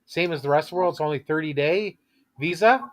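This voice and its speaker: Canadian guy chatting casually, kinda high voice, laughs a lot, restarts sentences. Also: a little fast. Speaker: chat participant. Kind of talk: casual chat.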